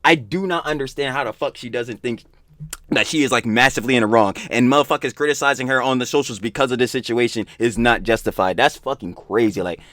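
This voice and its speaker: A man hosting a reaction video, reacting in disbelief with loud outbursts and swearing. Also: mid-range voice, fast, no echo. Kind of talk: casual reaction commentary.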